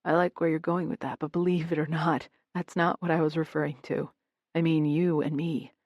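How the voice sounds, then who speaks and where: A woman voicing an earnest young man in love, speaking softly in an audiobook. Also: sits low, flat delivery, moderate pace, dry recording, dull audio. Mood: tender. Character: adoring young man, tender and frank.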